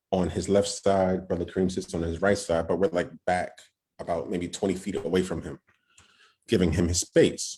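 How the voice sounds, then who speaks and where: A young man telling a personal story on a podcast, excited and nervous, acting out what others said and checking in with "right?". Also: low-pitched, breathy edge. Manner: excited, acts out quoted voices, frequent "right?". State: nervous, shaking. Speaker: podcast guest. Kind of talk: storytelling testimony.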